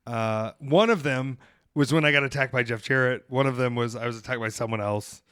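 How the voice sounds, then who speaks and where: A man hosting a podcast, telling rambling stories in a lively, animated way, swearing casually. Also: mid-range voice, brisk, clean tone, no room sound, studio quality. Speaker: podcast host.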